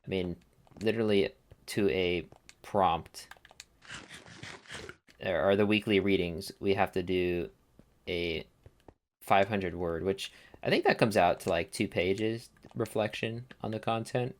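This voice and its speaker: Low-voiced young man rambling over gameplay. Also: steady tone, measured pace, pauses often. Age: young adult. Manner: rambling, laid-back, casual slang. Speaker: let's play gamer. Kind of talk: casual gameplay commentary.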